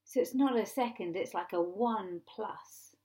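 A woman pastor gives a sermon in a relaxed, talky manner and retells the scripture as a lively story. Her voice sits at a middle pitch for a woman. She drops in asides and rhetorical questions along the way. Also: a little slow. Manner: conversational, animated storytelling.

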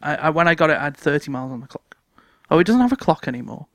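A man's voice: fairly high pitch, big pitch swings, very fast, no room sound. A man co-hosting a casual podcast, who tells anecdotes and laughs often as he goes. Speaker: podcast co-host.

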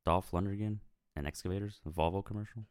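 A man's voice: sits low, quick pace. A man in casual podcast chat, cracking jokes and laughing easily. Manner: wisecracking, prone to laughing.

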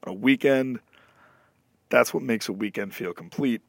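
A young adult man hosting a podcast, telling a long, profane, animated story in casual chat. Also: mid-range voice, moderate pace, vocal fry, dry recording, studio quality. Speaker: podcast host.

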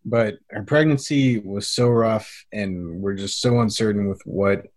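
A young man, a father, telling stories in a relaxed way with lots of fillers during an interview. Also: on the low side, unhurried. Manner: relaxed, filler-heavy storytelling. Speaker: parent of an autistic child. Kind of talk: interview conversation.

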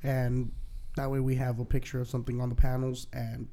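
A man's voice: medium pitch, monotone, fairly quick, dark tone. A man in casual chat with friends, laid-back and crude, laughing often.

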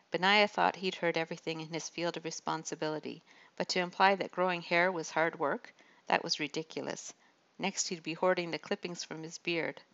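Woman reading a novel aloud, low voice, steady and measured, kinda dull lo-fi sound. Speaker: audiobook narrator. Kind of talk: scripted narration of a historical novel.

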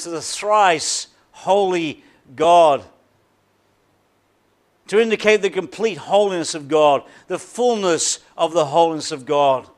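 A pastor with a fairly high-pitched male voice preaches emphatically, repeating phrases on purpose. His delivery features dramatic descents into a quiet voice.

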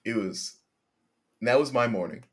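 A man's voice: mid-range voice, moderate pace, a bit bright, slightly rough. A man talking in a laid-back, chatty way in a casual group conversation. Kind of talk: casual group podcast chat.

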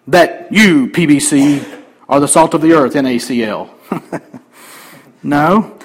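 A man pastor preaching a sermon emphatically, swinging between loud declarations and quiet asides. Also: on the high side, slow pace, long pauses, breathy edge, rough recording.

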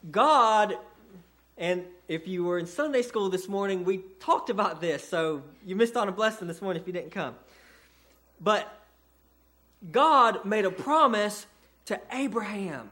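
A man with a fairly high voice preaches a sermon from a church pulpit. He explains scripture in earnest, often stopping to restart or repeat a word before pressing on. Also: sharp tone. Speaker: pastor. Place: church sanctuary.

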